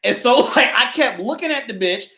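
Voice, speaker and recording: Man, casual livestream story, lively swooping delivery, bright voice, swears a lot, small apartment. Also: very high-pitched, normal speed, gravelly. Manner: animated, profane, laughs often. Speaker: livestream host. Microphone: phone or camera carried by hand.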